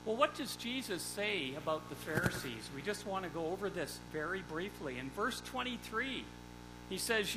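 Animated high-voiced male preacher. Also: normal speed, noisy background. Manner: reads scripture aloud, then preaches on it. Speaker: pastor. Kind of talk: sermon with scripture reading.

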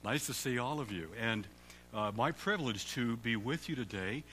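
Animated older man preaching. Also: mid-range voice, moderate pace, a little hiss or hum. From Canada. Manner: warm joking banter with the congregation. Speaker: guest preacher. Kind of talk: sermon. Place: church sanctuary.

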